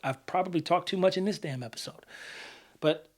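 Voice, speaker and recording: A man co-hosting a casual podcast, animated, swearing freely and acting out heated examples. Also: sits high, a little fast. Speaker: podcast co-host. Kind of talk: casual conversational podcast talk.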